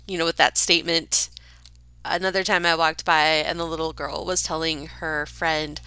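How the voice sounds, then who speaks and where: Wry, gravelly-voiced woman co-host. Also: low-pitched, flat delivery, normal speed, sharp tone, no room sound. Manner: wry, dryly judgmental, often dropping to a whisper. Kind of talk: casual comic storytelling.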